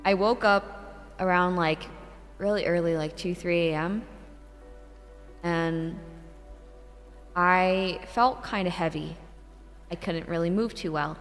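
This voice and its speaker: A woman's voice: lowish voice, slow, pauses often, long reverb tail, soft background music. Young woman telling a ghost story. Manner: animated, swears, breaks into laughter. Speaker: VTuber streamer. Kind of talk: casual storytelling.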